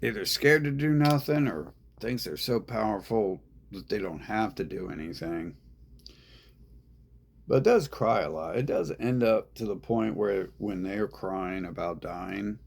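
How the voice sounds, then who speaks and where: A man's voice: lowish voice, a little slow, gravelly. A man talking in a rambling, profane monologue, repeating himself as he goes. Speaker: vlogger.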